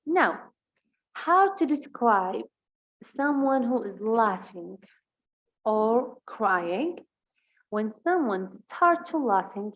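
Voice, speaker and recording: A woman with a Levantine Arabic accent who speaks Arabic natively, teaching English vocabulary. She reads example sentences slowly and explains them quickly. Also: a little high, very animated, highs cut off. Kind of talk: bilingual vocabulary lesson.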